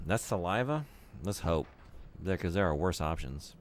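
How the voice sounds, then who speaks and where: A man's voice: deep voice, animated, normal speed. A young man streaming a game, joking and teasing his viewers in casual chat.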